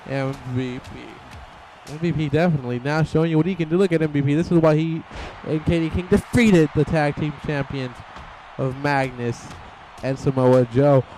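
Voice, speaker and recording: A man's voice: fairly high pitch, fairly even intonation, a little mellow, slight background noise, rough recording. A young man giving rambling, playful play-by-play commentary over a wrestling video game, often putting words in the wrestlers' mouths. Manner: rambling and playful, voicing wrestlers' thoughts in quick asides.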